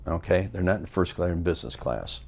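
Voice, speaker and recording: A man's voice: quick pace, creaky. Older man telling wrestling road stories. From United States. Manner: animated storyteller, acts out the people in his stories in loud high voices. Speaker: interview guest, former wrestler. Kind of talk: shoot interview storytelling.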